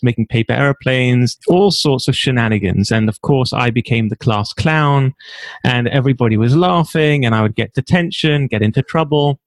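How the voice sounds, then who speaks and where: A man's voice: mid-range voice, dry recording. A man from England with a London accent, a guest telling his story openly with self-mocking humor in an interview. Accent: London English. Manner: candid, self-deprecating, joking. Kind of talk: interview conversation.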